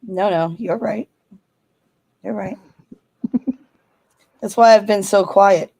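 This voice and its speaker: A woman's voice: mid-range voice, slow pace, creaky, dark tone, low-quality recording. A woman chatting casually on a stream, plain-spoken and laughing easily. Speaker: stream participant. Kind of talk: casual chat.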